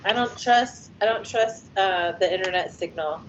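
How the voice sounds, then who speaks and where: A woman playing a tabletop game, speaking in a deliberate, deadpan way. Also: mid-range voice. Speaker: player. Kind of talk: casual chat. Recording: dull lo-fi line with faint noise.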